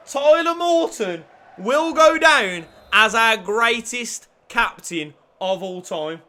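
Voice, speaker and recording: A man commentating on his own football video game play, shifting between low muttering and shouted excitement. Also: slow. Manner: lively, swings from low mutters to shouted celebrations. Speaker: gaming YouTuber.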